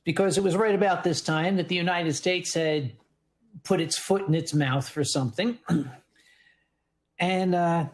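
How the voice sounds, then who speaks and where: A man's voice: high voice, measured pace, pauses often, low-quality recording. A man who chairs a convention, telling stories on a casual panel in a dry, wry way.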